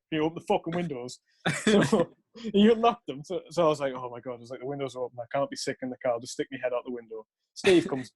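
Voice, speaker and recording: A man's voice: mid-range voice, darkish tone, husky. A young man casually telling a rambling story, swearing often and laughing along. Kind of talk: casual chat.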